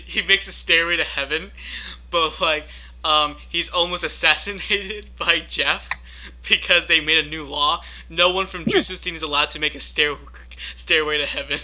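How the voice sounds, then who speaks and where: A man's voice: fairly high pitch, bright, forceful tone. A man co-hosting a casual tabletop gaming podcast, rambling with restarts and frequent laughter. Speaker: podcast co-host. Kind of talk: casual chat among friends.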